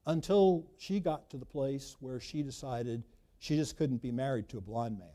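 A man preaching a sermon, emphatic, swinging between loud bursts and quiet asides. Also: medium pitch, moderate pace. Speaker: pastor.

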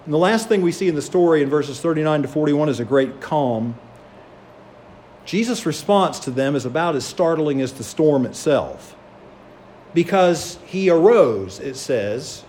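Storytelling preacher man, slightly high voice. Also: lively intonation, measured pace, a little mellow, a little hiss or hum. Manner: storytelling, acts out quoted voices. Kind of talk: sermon.

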